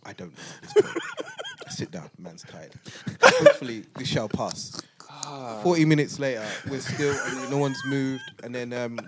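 A man hosting a podcast, telling a travel story in a casual, animated way, laughing and acting out other people's voices. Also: mid-range voice, noisy background. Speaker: podcast host.

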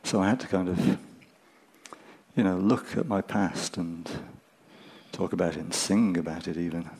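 An older man from England, a folk musician, telling stories in a relaxed, reflective way with many fillers. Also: sits low, vocal fry, husky, rough recording. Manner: unhurried, thoughtful, with frequent fillers. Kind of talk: reflective conversational storytelling.

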